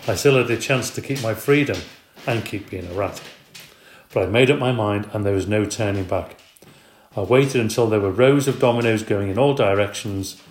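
A man reading a children's book aloud in a steady, expressive way. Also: on the low side, moderate pace, a little hiss or hum. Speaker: storyteller. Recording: roomy echo.

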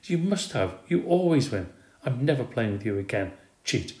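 A man voicing an angry, tearful young schoolgirl who shouts accusations in a storybook reading. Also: medium pitch, very animated, normal speed, echoey room, voice pushed up, natural voice. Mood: furious.

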